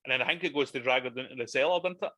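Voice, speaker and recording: Man, bright tense tone, dry sound, laughs a lot. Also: medium pitch, racing, no room sound. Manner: laughs often, sweary. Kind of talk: casual chat recapping a horror film.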